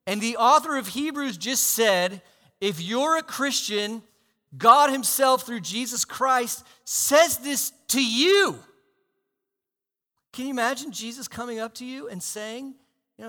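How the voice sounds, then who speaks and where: Bright, high-voiced man preaching in a hall. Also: normal speed. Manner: animated, swinging between loud emphasis and hushed asides. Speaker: pastor. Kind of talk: sermon. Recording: long hall reverb.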